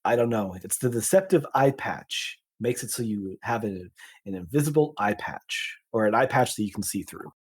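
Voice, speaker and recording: A man playing a tabletop game, talking casually and a bit haltingly. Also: fairly low pitch, animated, slightly rough. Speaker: player.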